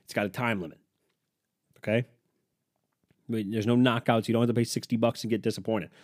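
Guy ranting on his podcast, swears a ton, lowish voice, dry sound. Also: fairly even intonation, brisk, darkish tone, dry recording. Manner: sarcastic, swears often, reacts to headlines. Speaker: podcast host. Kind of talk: profane solo podcast rant.

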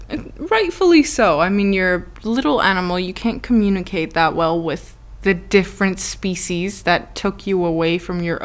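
Slow-talking, chatty young woman. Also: on the low side. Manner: chatty and giggly, full of "like" and acted-out quotes. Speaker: podcast host. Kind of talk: casual storytelling monologue.

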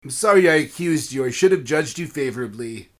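A man voicing an adult woman neighbor in a storybook tale, speaking gently and conciliatory. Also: mid-range voice, animated, brisk, natural voice. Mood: apologetic.

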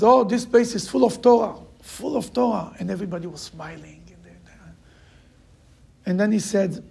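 Man, religious class teacher, husky, emphatic, repetitive. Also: very high-pitched, a little mellow. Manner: emphatic, repeats phrases to drive points home; acts out quoted people in raised voices. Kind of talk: classroom lecture with stories.

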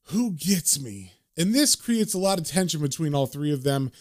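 A man's voice: a little high, lively intonation, brisk. A man casually retelling a comic book story, with conversational asides. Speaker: narrator.

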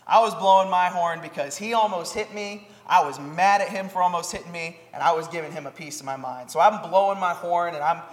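A young man giving a sermon, telling a personal story earnestly with many "uh" fillers and reading scripture in a slower, measured way. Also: high-pitched. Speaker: preacher. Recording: long hall reverb.

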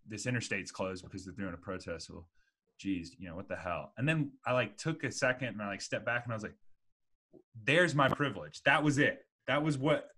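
A man's voice: medium pitch, bright, forceful tone, slightly rough. A man in his twenties hosting a casual podcast chat, rambling with lots of "like" and "you know". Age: 20s.

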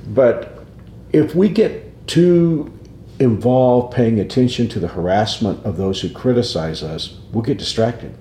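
A man's voice: medium pitch, measured pace, dark tone, roomy sound, slight background noise. A male pastor talking through a devotional topic in a reflective, conversational way, with restarts and small laughs.

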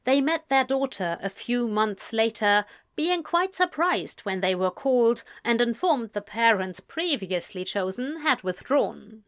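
Slow, fairly high-voiced woman narrator. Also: animated, a bit bright. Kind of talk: storybook narration read aloud.

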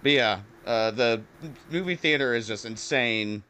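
A man's voice: medium pitch, unhurried, sharp tone, clean tone. Young male podcast co-host, casual rambling film chat, laughs and swears a lot. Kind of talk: casual movie review chat.

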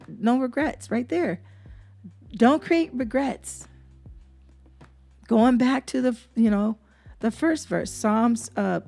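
A woman's voice: a little high, gravelly, darkish tone. A woman hosting a devotional podcast, reading Bible verses and preaching in an earnest, repetitive way. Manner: earnest, preacherly, repeats herself for emphasis. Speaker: podcast host.

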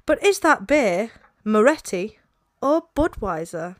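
Lady podcast host, teasing, giggly, slightly high voice. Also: sing-song, slow pace. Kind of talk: casual chat.

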